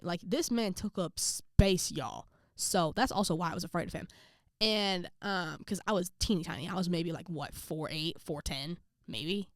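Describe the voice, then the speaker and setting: A young woman telling a personal story to camera in a casual vlog, full of slang, quick asides and quoted voices. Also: fairly low pitch, no echo, clean studio sound. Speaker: vlogger.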